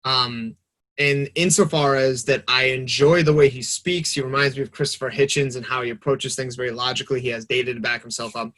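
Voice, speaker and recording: Animated, rambling man in casual chat. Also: medium pitch, brisk. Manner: animated, rambling, swears freely. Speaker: podcast guest.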